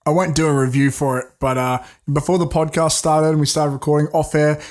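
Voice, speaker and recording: A male podcast co-host with a somewhat high voice. He rambles casually, jokes around and trails into fillers as he chats about films. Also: flat delivery, a little fast, darkish tone. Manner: rambling and jokey, with many fillers. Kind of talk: casual film podcast chat.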